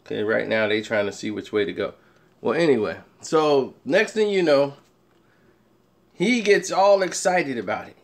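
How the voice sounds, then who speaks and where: A man's voice: mid-range voice, lively intonation, moderate pace, gravelly. A man telling a casual story, laughing often and acting out the people he quotes.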